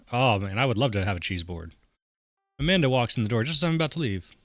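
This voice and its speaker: A man's voice: medium pitch, big pitch swings, quick pace, no echo, clean studio sound. A man hosting a game playthrough, reading the story aloud and joking with viewers. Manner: playful, joking. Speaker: gaming channel host.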